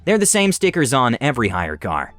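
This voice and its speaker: Animated male story narrator. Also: medium pitch, brisk, dry recording, soft background music. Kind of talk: scripted narration of online stories.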